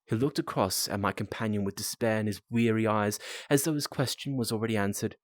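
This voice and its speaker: A man's voice: lowish voice, a little fast, dry recording. Man reading a classic novel aloud. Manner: plain reading with casual asides. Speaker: amateur reader.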